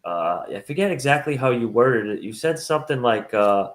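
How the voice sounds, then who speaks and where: A man interviewing a fitness coach, speaking in a halting way with many fillers and restarts. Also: mid-range voice, expressive. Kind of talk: casual interview conversation.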